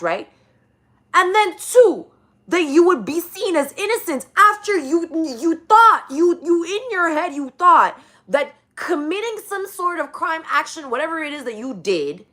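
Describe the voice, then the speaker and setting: A woman's voice: high voice, fairly bright tone. Profane, emphatic woman ranting on faith. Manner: profane, emphatic, repeats key phrases. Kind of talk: casual religious rant.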